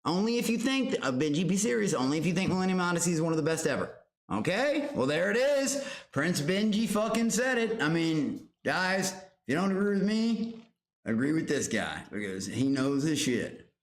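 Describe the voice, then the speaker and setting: Brief: male streamer, raised pitch, rowdy, profane banter, roomy echo. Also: moderate pace. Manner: loud, excitable, swearing, talks to his pet monkey and chat. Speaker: livestream host. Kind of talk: casual livestream chat. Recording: roomy echo, faint background noise.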